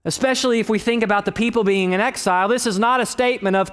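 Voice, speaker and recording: A man in his thirties from Texas preaching a sermon, conversational with personal stories, rising to loud emphatic bursts and dropping to quiet low asides. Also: expressive, brisk, few pauses. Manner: conversational, with restarts and personal anecdotes. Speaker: pastor.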